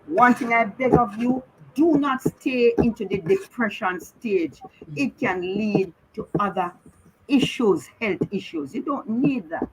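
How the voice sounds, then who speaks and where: A middle-aged woman talks with earnest urgency, repeating herself as she pleads with listeners. Her voice sits at an everyday middle pitch. A clear layer of noise runs under the radio recording. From Jamaica. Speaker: radio guest, bereaved mother. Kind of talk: emotional radio talk.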